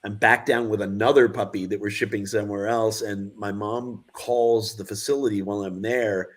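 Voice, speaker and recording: A man's voice: on the low side, fairly even intonation, moderate pace. A man around sixty, a guest filmmaker, telling anecdotes in a casual interview and acting out the voices of the people in them.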